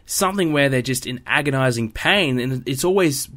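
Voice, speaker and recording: A man's voice: mid-range voice, lively intonation, normal speed, a bit bright. A young man hosting a podcast, talking casually on his own with lots of "you know" fillers and restarts. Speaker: podcast host. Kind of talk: casual solo commentary.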